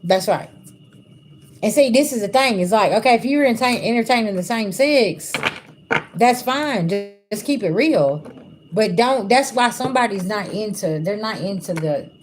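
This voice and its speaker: A woman's voice: mid-range voice, animated, normal speed, faint music behind. A woman doing a livestream spiritual reading, talking bluntly and casually to her viewers. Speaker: spiritual reader. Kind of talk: livestream tarot-style reading.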